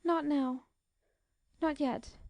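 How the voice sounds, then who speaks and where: Brief: woman reads a gentle, tearful teenage girl in an audiobook, high and quiet, dry close sound. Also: steady tone, extremely slow, no echo, exaggerated voice. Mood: soft weary. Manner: soft, sobbing, pleading. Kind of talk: audiobook narration.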